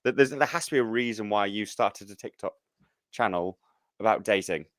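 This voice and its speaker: A man's voice: on the low side, a little fast, fairly bright tone, no echo. A man hosting a podcast, talking casually and reflectively, often stumbling through false starts. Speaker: podcast host. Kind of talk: casual chat.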